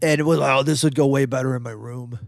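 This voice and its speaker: A man's voice: mid-range voice, quick pace, creaky, no room sound. Storytelling man, dry close sound. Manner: loose, animated storytelling with acted-out quotes. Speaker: comedian and podcast host.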